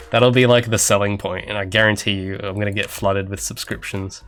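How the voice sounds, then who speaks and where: A man's voice: lowish voice, a little fast, fairly bright tone, soft background music. Rambling jokey Australian man streaming. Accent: Australian, often taken for Canadian. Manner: rambling, self-mocking, jokey asides to chat. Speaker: indie game developer streaming. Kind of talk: casual livestream chat while coding.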